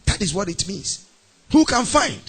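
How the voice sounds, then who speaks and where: Ghanaian male pastor with a high, sing-song preaching voice, playfully acting out scenes. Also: moderate pace, slightly rough. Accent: Ghanaian English. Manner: animated, acts out mock phone calls and scenes. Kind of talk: sermon.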